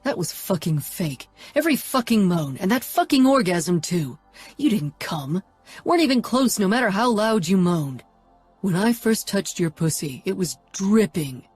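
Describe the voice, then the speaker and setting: A woman's voice: low voice, unhurried, mellow, slightly rough, faint music behind. A woman reading an audiobook and voicing an angry young mafia man who snarls and swears.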